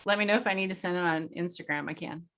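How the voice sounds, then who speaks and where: A woman's voice: on the low side, quick pace, fairly bright tone. A woman hosting a casual live stream, chatty and enthusiastic, with lots of fillers, over a video call. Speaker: host.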